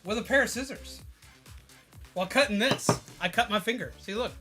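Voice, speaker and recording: An excitable, playful streamer talks in a silly put-on accent with a bright, forceful tone. They are standing at a desk in a very small room, and faint music plays underneath. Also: mid-range voice, moderate pace, slightly rough. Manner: excitable and playful, exclaiming often. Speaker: streamer carving a pumpkin. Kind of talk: live stream chat.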